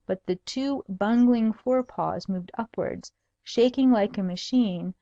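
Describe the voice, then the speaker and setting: A woman reading a humorous old tale aloud as an audiobook narrator, in an even, measured way. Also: medium pitch, no room sound. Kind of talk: storybook narration. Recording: dull dry recording.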